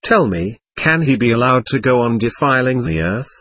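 Scornful young guy read by a man, soft and held back, husky. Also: medium pitch, expressive, moderate pace. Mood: contemptuous. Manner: soft, controlled voice. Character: young man, contemptuous and bitter, barely controlled.

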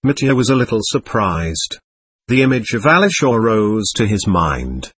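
A man narrating a classic novel as an audiobook, in a measured, expressive reading. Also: lowish voice, husky, dry recording.

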